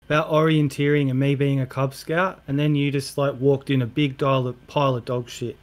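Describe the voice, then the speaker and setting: A man's voice: mid-range voice, level tone, fairly quick. A man in an online debate, wry and sarcastic about the insults. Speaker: panelist.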